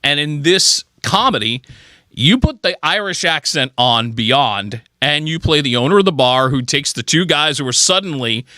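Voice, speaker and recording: A man's voice: fairly high pitch, expressive, normal speed, bright, forceful tone, dry recording. A man hosting a podcast interview in a studio, enthusiastic and often chiming in with agreement. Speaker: podcast host. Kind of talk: casual interview chat.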